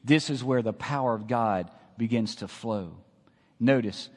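A man preaching a sermon, swinging from hushed lines to loud calls and asking the congregation to repeat after him. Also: medium pitch, measured pace, big-room sound.

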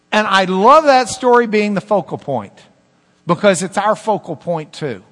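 A man preaching a sermon as pastor, animated, with swings between loud emphasis and hushed asides. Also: sits high, in a large hall.

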